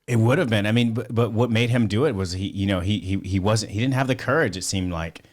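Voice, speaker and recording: A man's voice: on the low side, quick pace, darkish tone. A man, a podcast guest, telling a story in a casual, rambling way, full of fillers, restarts and swearing.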